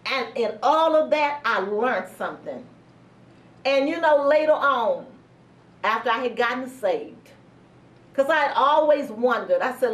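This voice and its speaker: A middle-aged woman pastor giving a sermon testimony, telling a personal story slowly and earnestly with heartfelt pauses. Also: sits high, animated. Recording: roomy sound from a distance.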